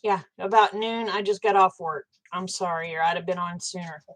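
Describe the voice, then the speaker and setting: A woman's voice: fairly low pitch, steady tone, moderate pace, fairly bright tone. An older woman, chatting with viewers on a livestream, angry and blunt and swearing freely. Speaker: livestream host. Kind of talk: casual livestream chat with viewers.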